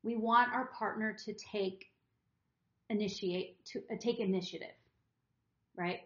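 A young woman co-hosting a podcast, confiding a personal story in an earnest, emotional, rambling way. Her voice sits at an ordinary pitch. It is heard in a roomy, slightly dull recording. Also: fairly even intonation, measured pace. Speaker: podcast co-host.

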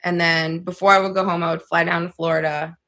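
A young adult woman telling a personal story on a podcast in a casual, animated way, saying "like" a lot and swearing freely. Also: on the low side, quick pace. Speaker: podcast guest.

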